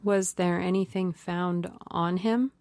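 A woman voicing a young English gentleman who talks languidly, then sharply and urgently. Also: on the low side, fairly even intonation, takes it slowly, no echo. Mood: startled.

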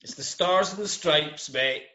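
Scottish man, podcast guest, jokey banter, bright voice on muffled remote audio. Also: on the high side, unhurried. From Scotland. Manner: jokey, self-mocking banter. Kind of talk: casual chat.

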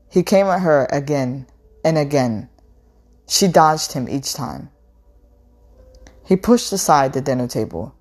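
Slow, low-voiced woman reading a novel aloud. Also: darkish tone. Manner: measured, unhurried reading with small slips.

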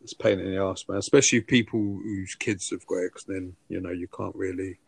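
A man's voice: low voice, fairly even intonation, brisk, creaky, husky, no room sound. A man co-hosting a podcast, chatting casually and teasing his co-host. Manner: banter, swearing, teasing. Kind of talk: casual chat.

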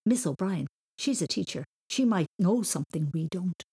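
A woman voicing a bossy, loyal schoolgirl who speaks softly and in a hush. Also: on the low side, lively intonation, moderate pace, husky, full character voice.

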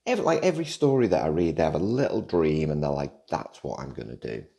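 A man with a very low, gravelly voice and a dark, mellow tone hosts a casual solo podcast. He talks in a loose, rambling way and drops joking asides along the way. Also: big pitch swings, fast. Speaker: podcast host. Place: home in Australia.

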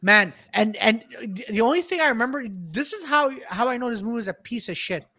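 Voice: medium pitch, expressive, brisk, bright, forceful tone, dry recording, studio quality. A podcast host chatting casually, rambling with restarts and often laughing. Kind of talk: casual chat.

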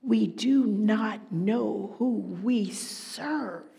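A middle-aged woman delivers a sermon in an unhurried, measured way, her voice sitting a little high. She drifts from near-whispers to loud, pressing emphasis. The recording rings with the long reverb of a large hall. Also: gravelly. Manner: swings between hushed whispers and loud emphatic preaching. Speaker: preacher.

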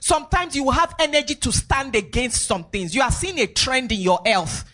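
A woman's voice: sits high, lively intonation, moderate pace, a bit bright, soft background music. A woman preaching a sermon, emphatic and repetitive, with sing-song rises in her voice.

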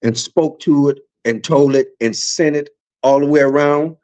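A man's voice: on the high side, moderate pace, darkish tone. A man hosting a podcast, talking in a preacherly way about spirituality and stories of his own, building emphasis with repeated phrases. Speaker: podcast host. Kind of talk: casual spiritual chat.

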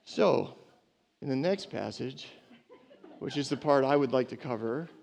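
A man preaching a sermon in a lively, conversational way, with playful asides and humor. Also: mid-range voice, unhurried, vocal fry. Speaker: pastor.

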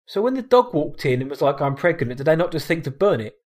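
A man's voice: fairly high pitch, sing-song, fast, a little mellow. A man co-hosting a film podcast, casual chat that rambles and corrects itself, often laughing.

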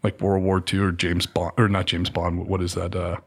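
Laid-back low-voiced storyteller man. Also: normal speed, breathy edge. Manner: animated, acts out quoted dialogue with swings in pitch; laid-back slangy talk with frequent fillers. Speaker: podcast guest. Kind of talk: casual storytelling interview.

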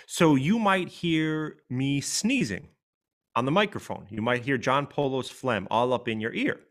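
An American man co-hosts a podcast, chatting casually and reading his own writing aloud earnestly, slowly and with feeling. His medium-pitched voice is animated and a bit bright.

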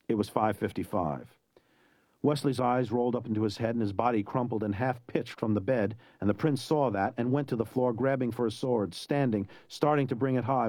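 A man narrates a novel in an even, measured way, with a middle-pitched voice. The recording is dry and close, with no room sound. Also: dry recording. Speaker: reader. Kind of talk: audiobook narration.

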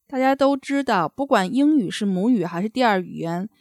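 A woman reads a scripted promotion for a language course in a smooth manner. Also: mid-range voice, lively intonation, fairly quick, darkish tone, no room sound, clean studio sound. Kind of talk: scripted narration.

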